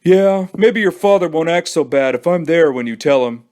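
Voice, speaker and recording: An easygoing young boy who takes things calmly, as a man reading a storybook aloud puts him on. He talks matter-of-factly in a lifted, lively voice. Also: on the high side, normal speed, voice pushed up, natural voice.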